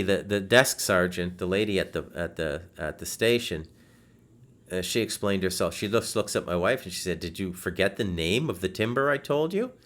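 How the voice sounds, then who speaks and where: A man hosting a podcast over a video call, telling a frustrating story in a casual, animated way, swearing and restarting his sentences. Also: low voice. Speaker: podcast host. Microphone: video call setup.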